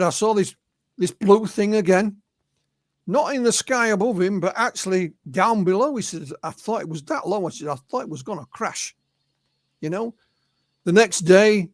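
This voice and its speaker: English guy, kinda high voice, chatting through witness stories, dry close sound. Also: dry recording. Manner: recounts witness stories, often quoting them. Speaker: guest researcher and author. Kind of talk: conversational storytelling interview.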